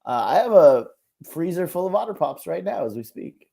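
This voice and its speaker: A man's voice: a little high, very animated, normal speed, gravelly, dark tone. A man co-hosting a casual reaction podcast, talking animatedly, laughing often and acting out quotes in exaggerated voices. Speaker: podcast co-host.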